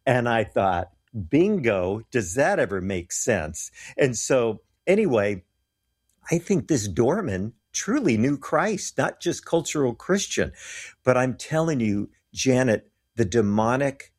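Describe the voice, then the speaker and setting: With big pitch swings and a slow pace, a man's mid-range voice carries his personal stories as a guest talking about mission trips. He's earnest and animated, voicing the people he quotes.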